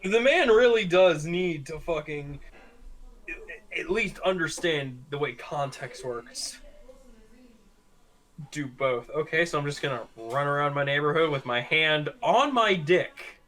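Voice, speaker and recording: Young male co-host, bright, brash, jokey. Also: on the high side, animated, measured pace. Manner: crude, joking, loud outbursts. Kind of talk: casual chat.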